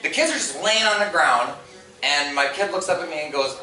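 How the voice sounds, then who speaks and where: Animated and a little fast, with a fairly high pitch, a man in his thirties works a live convention crowd with his stand-up. He laughs at his own jokes and acts out quotes in his stories. The sound is echoey and noisy, taken from far off the mic.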